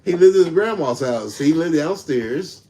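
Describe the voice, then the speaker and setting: A man co-hosting a casual livestream, joking in a mumbled, low-key way. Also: expressive, moderate pace, dark tone, slight background noise. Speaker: livestream co-host.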